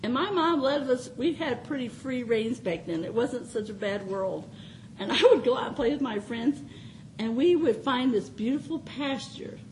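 A woman's voice: on the high side, lively intonation, moderate pace, a little hiss or hum, low-quality recording. An older woman giving an informal, folksy sermon in a small chapel, often laughing as she speaks. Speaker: preacher.

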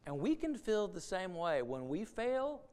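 A man's voice: high-pitched, very animated, a little slow, darkish tone. A man preaching a sermon, earnest, often repeating words and acting out the voices of doubting people.

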